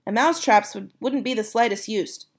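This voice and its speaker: A woman voicing an eager young boy who has been turned into a talking mouse, speaking quickly with a raised voice. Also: a little high, close to an everyday voice. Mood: earnest.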